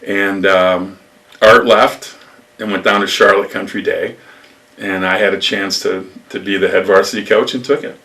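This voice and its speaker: Older man, low voice, bright tone, rambling storyteller, distant mic. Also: normal speed. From upstate New York. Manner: rambling, animated anecdotes with acted quotes. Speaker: retired lacrosse coach, interviewee. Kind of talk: storytelling interview.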